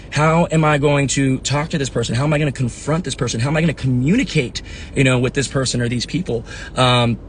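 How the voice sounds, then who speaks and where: An earnest man in his thirties talks casually into a phone mic, his voice sitting a little high for a man. He keeps checking in with the listener. A faint rumble runs underneath. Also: fairly bright tone. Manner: earnest, conversational, lots of "right?" and "you know what I mean". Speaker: fitness coach and motivational talker. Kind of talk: casual live talk. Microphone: phone or webcam.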